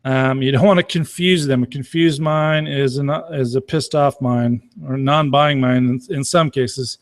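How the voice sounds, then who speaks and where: A man's voice: medium pitch, fairly even intonation, measured pace. A middle-aged man giving a blunt, casual Q&A talk as a marketing coach, swearing freely. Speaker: marketing coach answering questions.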